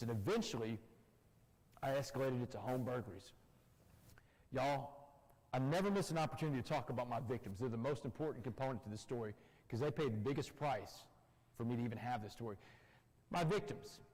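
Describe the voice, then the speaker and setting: Emphatic man with a lively voice. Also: on the high side. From Texas. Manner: emphatic storyteller, addresses audience directly. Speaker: guest speaker. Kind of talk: personal testimony talk. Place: church hall. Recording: long church-hall reverb.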